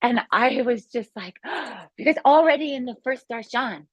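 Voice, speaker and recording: A woman who is a yoga instructor tells her healing story in a casual, excited, rambling way, with many restarts. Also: a little high, moderate pace, dry recording, lo-fi sound. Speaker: guest sharing a healing testimony. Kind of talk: casual spoken testimony.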